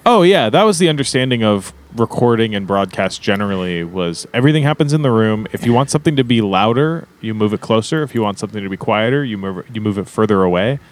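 A man co-hosting a podcast in casual chat, animated and often breaking into laughter while talking. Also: lowish voice, quick pace, hardly any pauses. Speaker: podcast co-host.

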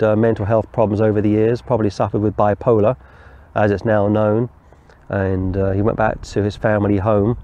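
A male preacher teaches through a passage of scripture in a deliberate, explanatory way, drifting into anecdotes along the way. His voice sits low, with a dark, mellow tone and a gravelly fry. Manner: deliberate, explanatory, digresses into storytelling. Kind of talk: verse-by-verse Bible teaching.

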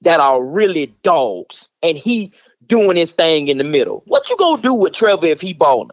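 Excitable man on a dull, dry line. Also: a little high, moderate pace, no echo. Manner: excitable, passionate fan talk. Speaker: football correspondent. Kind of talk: casual sports talk.

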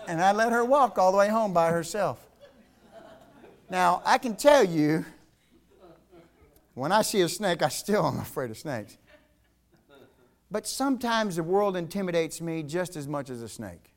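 High-voiced preacher telling folksy stories. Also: male voice, animated, moderate pace. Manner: folksy storytelling, rising to emphatic preaching. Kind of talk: revival sermon.

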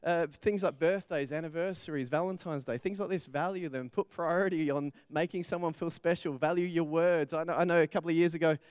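A man's voice: on the high side, steady tone, a little fast, hardly any pauses, darkish tone, smooth, no echo. A middle-aged man, preaching a sermon in church in a conversational way with personal stories. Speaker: pastor.

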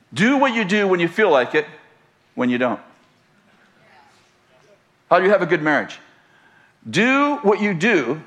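A man's voice: sits high, fairly bright tone. A man preaching a sermon, telling a humorous story and often laughing as he goes. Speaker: pastor.

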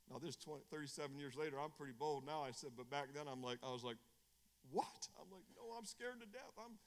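A middle-aged man, an evangelist, preaching a testimony sermon, animated, swinging from hushed storytelling to shouting. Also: fairly high pitch, long reverb tail. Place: church.

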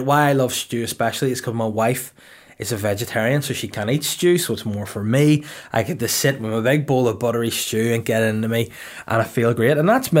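A man, hosting a podcast in casual, rambling chat that runs on jokes and swearing. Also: mid-range voice. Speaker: podcast host. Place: podcast studio.

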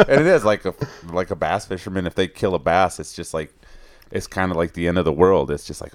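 A man's voice: low-pitched, fast talker, no room sound. A man co-hosting a fishing podcast in casual chat, telling stories and acting out the people he quotes. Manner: animated storyteller, acts out quoted anglers. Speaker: podcast co-host.

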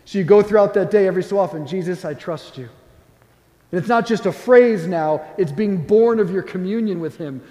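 A man giving a gentle, conversational talk on prayer, often acting out the prayers he describes. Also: high voice. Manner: gentle, playful, acts out quoted prayers. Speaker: Catholic speaker on prayer. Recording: echoey hall with long reverb.

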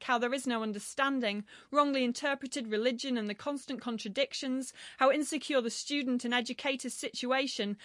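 A woman with a bright, high voice recites a poem in a slow, grave and measured way. The recording is close and dry, with no room sound. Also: no room sound. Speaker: poetry reader. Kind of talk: solemn poetry reading.

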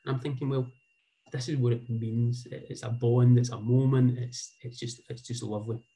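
A man's voice: mid-range voice, little pitch movement, moderate pace, dark tone, low-quality recording. A Scottish man in his forties telling a heartfelt personal story in a rambling, earnest way, often repeating words. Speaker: speaker sharing a personal story.

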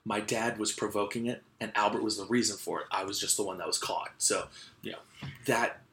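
A man's voice: on the low side, fairly even intonation, brisk, a bit bright. A young man hosting a casual podcast, telling a story in a rambling way with lots of "like" and restarts. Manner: laughs while telling stories. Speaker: podcast host.

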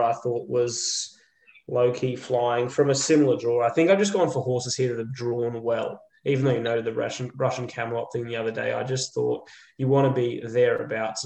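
Rambling Australian man in an echoey room. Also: medium pitch. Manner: rambling, animated when he is emphatic. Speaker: co-host giving racing tips. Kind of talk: casual chat.

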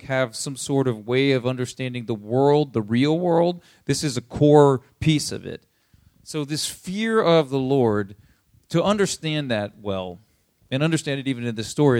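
This pastor's sermon feels like a conversation, as he keeps asking "you see what I'm saying?" to check in with his listeners. He has a slightly high voice, captured in a clean studio with no room sound.

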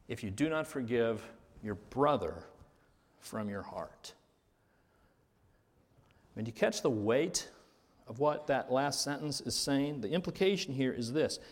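A pastor preaching a sermon, earnest, rising to stress key words and then dropping low. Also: male voice, expressive, measured pace, pauses often. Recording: reverberant hall.

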